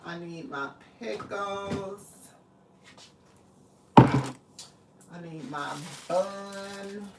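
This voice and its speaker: A woman's voice: mid-range voice, drawn-out words, long pauses, very noisy. A woman hosting a casual live cooking stream in her home kitchen, chatting to viewers and calling them "baby" and "y'all". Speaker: livestream host.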